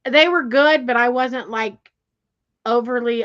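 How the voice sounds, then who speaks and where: A woman telling a story in casual chat, animated and exasperated, with lots of fillers and restarts. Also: a little high, takes it slowly. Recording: dull lo-fi sound.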